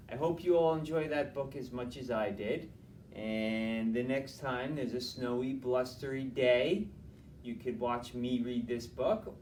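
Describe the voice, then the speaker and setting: A man reading a picture book aloud to children at a library, gentle and chatty, with side remarks to his young listeners. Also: medium pitch, slight background noise. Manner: slow, gentle and chatty, adding asides to children. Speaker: library storyteller. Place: library room. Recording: echoey room, mic from a distance.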